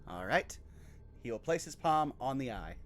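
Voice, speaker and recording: A man's voice: mid-range voice, big pitch swings, moderate pace, a little hiss or hum. A man in his thirties playing a tabletop game, casual and joking, with many fillers. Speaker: player.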